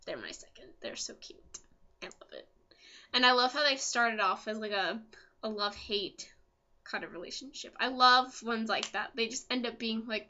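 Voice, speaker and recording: Bright-voiced young woman gushing about couples. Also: on the high side, dull audio. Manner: gushing fan, chatty and excitable, lots of ums. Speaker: vlogger. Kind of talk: casual chat.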